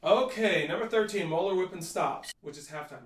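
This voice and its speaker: A man's voice: high-pitched, normal speed, hardly any pauses, loud music behind the voice. A man teaching drum technique, counting beats aloud and calling out stickings. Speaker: percussion teacher. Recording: echoey room, mic at a distance, loud drumming.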